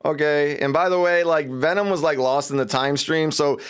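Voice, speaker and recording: A man's voice: a little high, moderate pace, fairly bright tone, smooth. A man casually recapping a comic book for laughs, swearing freely and saying "like" a lot. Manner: casual, profane, lots of "like". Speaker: YouTube guide host.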